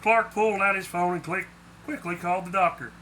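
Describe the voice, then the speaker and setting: A man's voice: high voice, fairly quick, pushed and bright, slight background noise, poor audio. A man reading aloud his own short story, with small slips. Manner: plainly spoken with small slips. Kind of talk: storybook narration.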